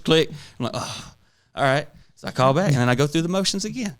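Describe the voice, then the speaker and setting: A man, co-hosting a casual podcast and ranting with constant profanity and animated retellings. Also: mid-range voice, fast. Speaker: podcast co-host. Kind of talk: casual chat.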